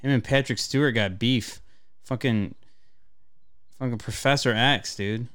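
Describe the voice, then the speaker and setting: Male co-host, casual foul-mouthed chat, smooth clear voice. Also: medium pitch, unhurried. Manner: animated, swears freely. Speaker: podcast co-host.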